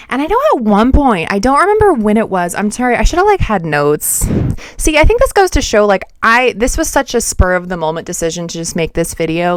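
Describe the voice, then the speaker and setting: A woman's voice: medium pitch, clean tone, dry recording, studio quality. A woman hosting her own channel, giving a casual, rambling book review full of "like" fillers and talking straight to viewers. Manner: chatty, talks straight to viewers.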